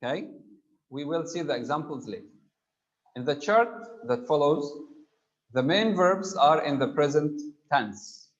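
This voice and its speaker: A man's voice: a little high, animated, unhurried, long pauses, highs cut off. A man teaching an online English grammar class, explaining terms and checking in with students. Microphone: computer mic on a video call.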